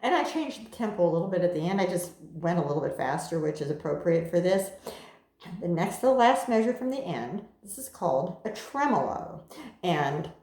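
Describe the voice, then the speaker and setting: A woman's voice: lowish voice, very animated, fairly quick, darkish tone. Patient woman violin teacher, echoey room. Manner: patient, calls out cues while playing. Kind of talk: music lesson instruction.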